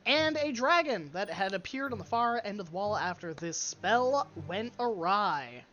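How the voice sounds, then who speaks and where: A woman's voice: medium pitch, animated, unhurried, fairly bright tone, faint music behind. A woman narrating as a tabletop game master, her voice in a middle register. She teases the players and laughs easily. The stream audio sounds dull and lo-fi. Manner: laughs often, teasing.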